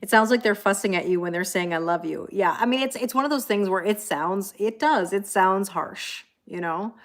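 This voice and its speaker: A woman's voice: mid-range voice, normal speed, fairly bright tone. A woman, a tarot reader chatting casually on a live stream, laughing often and reading viewer comments aloud. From Canada.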